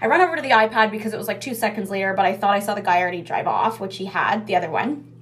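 A woman's voice: medium pitch, lively intonation, rapid-fire, a bit bright. A young woman telling a casual story about her restaurant takeout job. She swears freely and says "like" a lot. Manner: chatty, swears freely, heavy use of "like".

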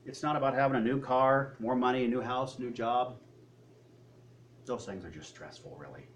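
A man preaching a sermon, swinging between loud, high peaks and low, quiet asides. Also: normal speed, slight background noise.

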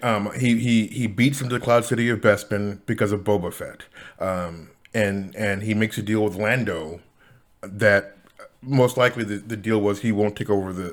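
A man hosting a casual solo podcast, talking in a rambling way with many fillers, restarts and chuckles. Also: fairly low pitch. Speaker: podcast host.

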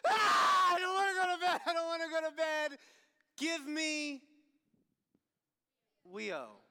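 A man putting on the voice of a crying, whining two-year-old boy who wails and shouts that he won't go to bed. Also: very high-pitched, slow, gravelly, a little hiss or hum, voice pushed up, heavily acted. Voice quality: wailing, shouting. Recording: long hall reverb.

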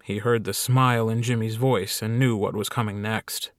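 A man's voice: on the low side, fairly even intonation, moderate pace, no room sound, clean studio sound. A man reading a short story aloud as an audiobook narrator. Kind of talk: scripted narration.

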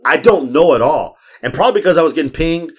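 A man hosting a casual podcast, telling stories in an animated way, acting out the voices of people he quotes and swearing freely. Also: on the high side, fast, slightly rough. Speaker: podcast host. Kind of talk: casual storytelling chat.

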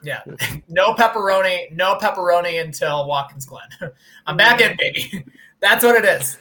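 A man's voice: sits high, lively intonation, a little slow, sharp tone. A man co-hosting a casual chat, joking and laughing often. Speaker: podcast co-host.

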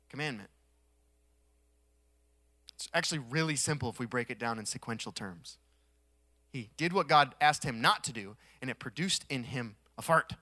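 Animated preacher with a bright, dry voice. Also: male voice, a little high, no room sound. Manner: conversational preaching with emphatic swells and quiet drops; humorous asides. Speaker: pastor. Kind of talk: sermon.

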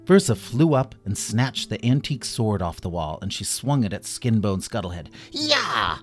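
A man narrating a children's story in an animated way, acting out every character himself. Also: on the low side, normal speed, faint music behind.

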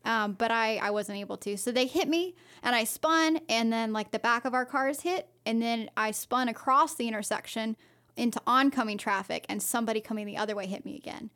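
A woman with a somewhat high voice tells a personal story in a loose, chatty way. She circles back and restarts her sentences, padding them with fillers as she chats on a podcast. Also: fairly quick, a bit bright. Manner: rambling, full of fillers and restarts. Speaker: podcast co-host. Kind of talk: casual storytelling.

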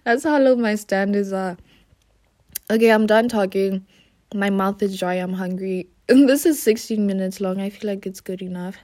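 A woman's voice: mid-range voice, normal speed, a little mellow. A young woman hosting a casual solo podcast into her phone, chatty and self-mocking, laughing often. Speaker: podcast host.

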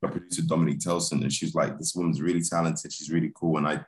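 A man, a film director, chatting in a relaxed interview, laid-back with many restarts and fillers. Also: very deep voice, fast talker.

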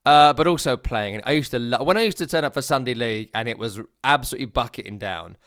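Brief: male podcast co-host, mid pitch, wry storyteller, dry booth sound. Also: fast, a bit bright, dry recording. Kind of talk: casual football chat.

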